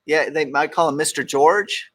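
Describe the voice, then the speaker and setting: A middle-aged man hosts a casual talk show, cracking jokes and punching up each quote he reads. His voice sits a bit high for a man. He comes from Texas. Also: fairly even intonation, moderate pace. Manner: jokey, reads quotes aloud with emphasis. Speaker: radio show host.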